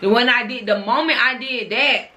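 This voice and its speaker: A young woman chatting through a storytime vlog, lively and full of swearing, jumping into other people's lines as she tells it. Her voice sits a little high and rings bright and forceful. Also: normal speed. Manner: animated, profane, acts out dialogue. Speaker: vlogger telling a story. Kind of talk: casual storytime chat.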